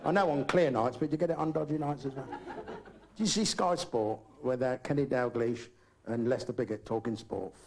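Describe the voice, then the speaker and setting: Gravelly, foul-mouthed older comic. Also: male voice, medium pitch, brisk. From Britain. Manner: crude, rambling, swears constantly. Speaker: stand-up comedian. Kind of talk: live stand-up routine. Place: live comedy club. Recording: noisy live recording.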